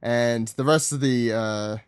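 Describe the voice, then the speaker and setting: A man's voice: mid-range voice, fairly even intonation, slow pace, smooth, no echo, studio quality. A man from Long Island hosting a podcast, talking casually and rambling with lots of fillers and self-corrections. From Long Island, United States. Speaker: podcast host. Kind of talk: casual chat recapping a comic chapter.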